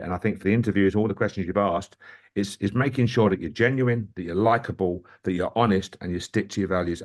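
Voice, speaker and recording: A man, a football manager, telling lively stories in an interview and often addressing the host by name. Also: low-pitched. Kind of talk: anecdotal interview storytelling.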